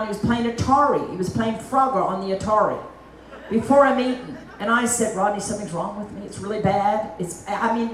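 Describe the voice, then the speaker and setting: A middle-aged woman evangelist gives a lively testimony sermon, full of folksy asides. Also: on the high side, a little hiss or hum. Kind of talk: testimony preaching. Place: church meeting hall. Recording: echoey hall, mic at a distance.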